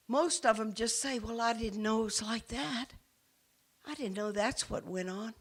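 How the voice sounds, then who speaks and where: A nun giving an impassioned public speech to an audience in a room. She is earnest, and her delivery swings from forceful to hushed. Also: mid-range voice.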